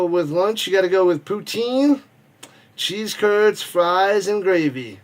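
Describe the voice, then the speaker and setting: A man hosting a live football watch party, mixing casual rambling chat and joking with quick play-by-play calls and reading viewer comments. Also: sits high.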